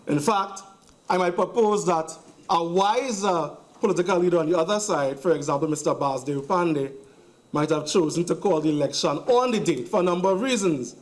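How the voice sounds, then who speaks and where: A man with a Trinidadian accent giving a sarcastic, emphatic speech in a parliamentary debate, hammering points through repetition. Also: on the high side. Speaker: member of parliament. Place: parliament chamber.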